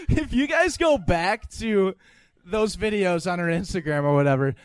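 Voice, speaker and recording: A man co-hosting a live podcast show, telling an excitable story, laughing often and swearing casually. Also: high-pitched, smooth, no echo. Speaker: podcast co-host.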